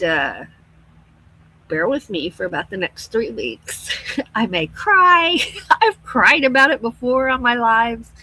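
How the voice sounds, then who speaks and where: Woman, husky bright voice, slow unhurried chat, middle-aged, casual livestream host. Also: medium pitch, rough recording. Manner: chatty, laughs often, reads viewer comments aloud. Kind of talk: casual live-stream chat.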